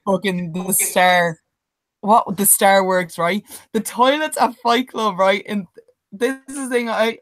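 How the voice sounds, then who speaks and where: A woman co-hosting a podcast, telling animated stories with plenty of swearing and laughter. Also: mid-range voice, no echo, low-quality recording. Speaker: podcast co-host. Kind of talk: casual chat.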